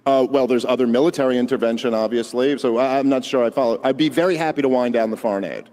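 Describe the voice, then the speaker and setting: A man arguing his side in a live debate, quick and combative. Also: medium pitch, warm tone. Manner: quick, argumentative. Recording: reverberant hall.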